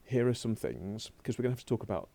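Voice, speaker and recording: A man's voice: medium pitch, very animated, fast, creaky, mellow. A man teaching a recorded remote French lesson, chatting to himself as he works through slides on a laptop. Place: home or classroom desk at a laptop.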